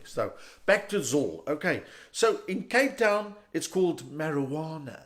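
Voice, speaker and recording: A middle-aged South African comedian doing stand-up in a lively, swooping voice that sits a little high for a man. He tells his stories with energy and keeps breaking into loud character bits. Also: normal speed. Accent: South African English. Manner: animated storyteller, jumps into loud character voices.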